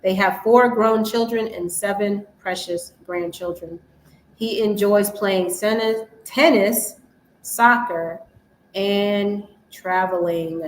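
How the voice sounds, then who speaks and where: A woman of middle pitch hosts a talk show with a lively, upbeat delivery. Her voice sounds roomy, with a faint hum of noise behind it. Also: slow. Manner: lively, laughs often. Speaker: show host.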